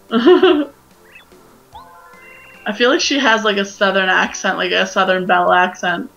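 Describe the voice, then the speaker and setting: A woman's voice: medium pitch, takes it slowly, vocal fry, fairly bright tone, muffled recording, soft background music. A young woman co-hosting a game playthrough, bantering casually and laughing often. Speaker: co-host of a gameplay video. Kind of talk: casual gaming commentary.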